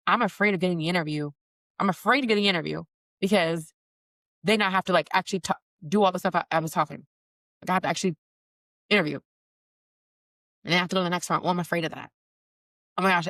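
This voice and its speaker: A woman's voice: lowish voice, fairly bright tone, dry recording, rough recording. A woman hosting a casual solo podcast as a career coach, chatty and encouraging with lots of "like" and "okay.".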